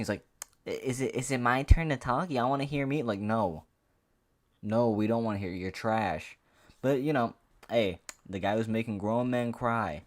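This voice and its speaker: A man with a lowish voice rants to camera about fighters, loose and profane. He rambles, restarts his sentences and keeps the heat up in a casual sports-vlog monologue. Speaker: MMA commentary vlogger.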